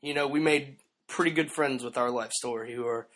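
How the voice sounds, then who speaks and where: A man's voice: medium pitch, fairly quick, a bit bright. Loose, profane podcast guy. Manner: loose, swears a lot, trailing fillers. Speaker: podcast co-host. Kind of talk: casual chat.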